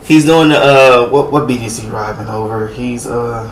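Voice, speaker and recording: A man's voice: medium pitch, normal speed, a loud crowd. A man hosting a reaction video, talking loosely and profanely with many hesitations. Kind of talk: casual reaction commentary.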